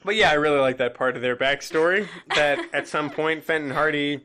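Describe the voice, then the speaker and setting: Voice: mid-range voice, a little fast, noisy background. A podcast host recapping a mystery novel in casual chat, joking and acting out the characters' lines.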